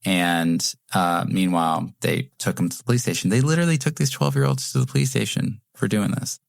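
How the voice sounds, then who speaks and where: A man's voice: low-pitched, brisk, gravelly, no echo, clean studio sound. A man co-hosting a podcast, rambling through a casual story with lots of fillers and restarts. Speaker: podcast co-host.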